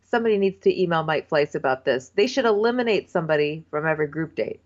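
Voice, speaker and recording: Blunt low-voiced woman, lo-fi sound. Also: lively intonation, quick pace. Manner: blunt, laughing, swears casually. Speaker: podcast co-host. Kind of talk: casual recap chat. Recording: dull lo-fi sound.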